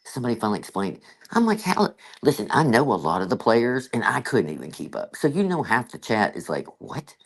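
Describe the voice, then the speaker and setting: A woman's voice: very deep voice, very animated, fast talker, hardly any pauses, breathy edge. A woman with a Southern US accent, chatting in casual gossip with emphatic, exclaiming delivery. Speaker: chat participant.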